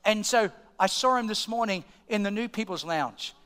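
A middle-aged Australian man preaching from the pulpit in a strikingly high voice, telling stories with animated swings between hushed asides and loud, excited peaks. His sermon rings with the long reverb of a large church hall. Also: normal speed, smooth. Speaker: pastor. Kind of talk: sermon with personal storytelling. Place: church auditorium.

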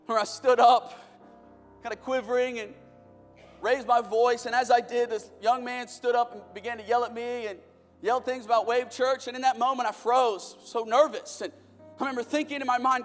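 A young man preaching a sermon as a pastor, impassioned, building in bursts and then dropping low. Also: steady tone, a little fast. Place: church auditorium. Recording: long reverb of a large hall with music.

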